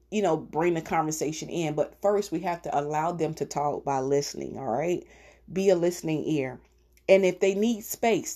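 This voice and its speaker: A woman with a low voice hosts her own podcast, talking through parenting advice in a loose, chatty way. She speaks straight to the listener, with plenty of fillers and check-ins. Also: a little mellow. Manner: chatty, conversational, with fillers and direct address. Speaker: podcast host. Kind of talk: casual advice talk.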